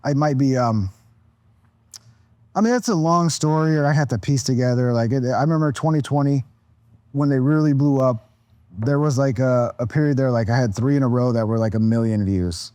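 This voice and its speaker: A man's voice: mid-range voice, a little fast, dark tone. A man in his thirties sounds tired as he talks on a podcast. He rambles in a loose, laid-back way, swearing freely and restarting his sentences. His voice is dry and close, with no room echo. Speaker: podcast guest, content creator. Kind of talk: casual podcast chat.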